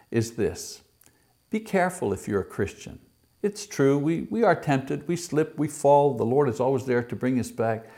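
A man's voice: medium pitch, vocal fry, a little mellow. A man giving an earnest short sermon for an online video, stressing his points and letting his voice rise and fall. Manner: earnest, emphatic, rising and falling for effect. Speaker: preacher.

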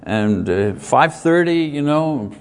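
A man's voice: on the high side, animated, takes it slowly, clear, resonant tone. Man preaching in a long-echoing hall. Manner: earnest, conversational preaching with repetition. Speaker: pastor. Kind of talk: sermon.

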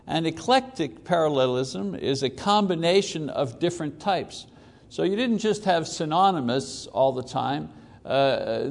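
A man with a somewhat high, gravelly voice gives a Bible lecture. He walks through each point step by step, repeats key words for emphasis and keeps asking his listeners "okay?" His voice trails off into a long reverb, as if he were in a big room. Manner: explains step by step, checks in with "okay?" and "right?". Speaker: Bible teacher. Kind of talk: classroom lecture.

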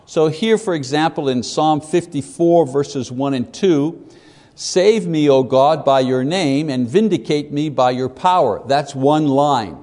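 A man teaching a class on poetry, unhurried, with many fillers and joking asides. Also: on the high side, mellow, in a large hall. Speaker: Bible teacher. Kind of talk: classroom lecture.

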